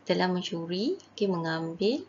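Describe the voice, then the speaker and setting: A Malaysian woman teaching a primary school English lesson, slowly reading a story and translating each line, in a patient way. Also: lowish voice, very animated, dull audio, slight background noise. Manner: slow, patient, translates each line and reads quotes brightly.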